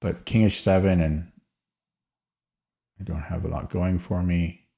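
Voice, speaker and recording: A man's voice: low voice, little pitch movement, measured pace, gravelly, dark tone. A man streaming a chess game, thinking aloud hesitantly and often stammering or repeating words. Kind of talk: live-stream chess commentary.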